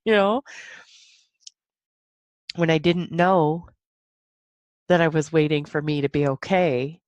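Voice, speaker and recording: A woman with a low-pitched voice hosts a reflective solo podcast, speaking emotionally and laughing between thoughts. She sounds teary and a little stuffy-nosed, and the recording has no echo.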